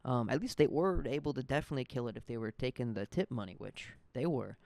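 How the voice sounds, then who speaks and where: A man's voice: mid-range voice, fast, vocal fry, a little mellow, no room sound. A young man in his twenties hosting a podcast, telling a rambling, profane story in a casual, fired-up rant. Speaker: podcast host. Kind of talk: casual ranting monologue.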